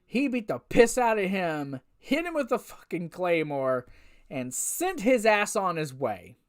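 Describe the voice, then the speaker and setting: This woman's voice is fairly low and very animated, her pace a little slow, as she casually reviews a wrestling show. She rants, swears frequently, restarts repeatedly, and asks exasperated rhetorical questions.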